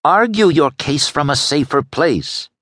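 A man's voice: fairly high pitch, expressive, a little slow, fairly bright tone, no echo, clean studio sound, pitched above the performer's own voice. A man voicing a determined young noblewoman in an audiobook, urgent and pleading. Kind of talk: audiobook character voice.

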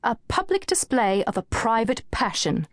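A woman's voice: a little high, sing-song, moderate pace, no echo, studio quality. Woman voicing a cheery, gloating bride-to-be. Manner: upbeat, gloating. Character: cheery, self-satisfied young bride-to-be. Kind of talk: audiobook character voice.

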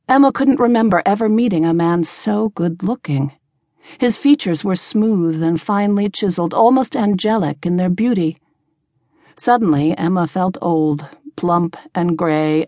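Low-voiced woman narrating a novel. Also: darkish tone, no echo, clean studio sound. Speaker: audiobook narrator. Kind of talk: scripted narration.

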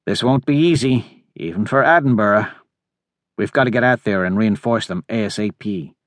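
A man's voice: fairly low pitch, moderate pace, no echo, natural voice. A male narrator voicing a young admiral who talks in a sleepy, grumbling drawl. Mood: wry grumbling.

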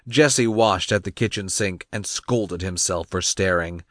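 A man narrating a romance audiobook, reading in an expressive storytelling manner. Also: fairly low pitch, no room sound, studio quality. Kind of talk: scripted narration.

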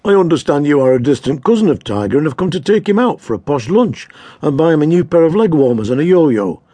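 A man's voice: on the high side, very animated, quick pace, dark tone, dry recording, voice pushed up. A man voicing a serious, formal male zookeeper in a children's story. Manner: formal, questioning. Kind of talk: storybook character voice.

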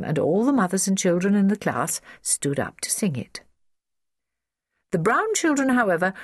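A woman narrating a children's audiobook in an expressive, storytelling way, recorded in a studio. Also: lowish voice, no room sound.

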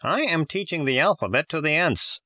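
Male narrator voicing a high-pitched, squabbling old carpenter for an audiobook; dry and close. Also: big pitch swings, moderate pace, bright, forceful tone, dry recording, exaggerated voice. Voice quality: high strained voice. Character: old quarrelsome male carpenter, timid, shrill.

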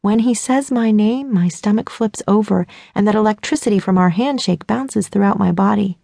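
A woman narrates a first-person audiobook, her tone self-mocking and a bit flustered. Her voice carries a gravelly fry at mid pitch. The sound is dry and close to the mic. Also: normal speed, mellow, dry recording.

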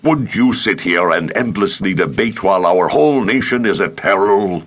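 A man voicing a blunt, fiery male councilman in an audiobook, forceful and quick to retort. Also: low-pitched, animated, highs cut off. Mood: roaring.

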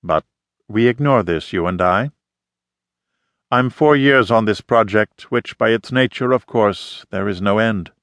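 A man's voice: on the low side, unhurried, a bit bright, dry recording. A man reading a woman photographer, middle-aged, slight foreign accent, formal and emphatic, audiobook, dry close sound. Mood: earnest.

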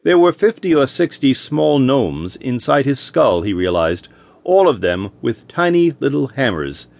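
A man's voice: medium pitch, measured pace, vocal fry. Man narrating a wry audiobook. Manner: wry, expressive storytelling.

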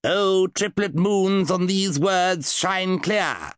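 A man's voice: high-pitched, slow pace, no room sound, clean studio sound, voice pushed up. A man voicing a fussy, pompous wizard who loses his temper with his pet and improvises grand incantations. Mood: grandiose. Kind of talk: audiobook character voice.

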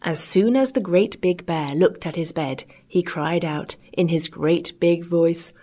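Husky woman reading a children's story. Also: fairly low pitch, measured pace. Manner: gentle, expressive reading with character voices. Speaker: audiobook narrator.

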